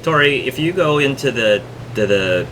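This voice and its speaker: A man narrating as game master of a tabletop game, halting with many ums and restarts. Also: mid-range voice, expressive. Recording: noisy room hum.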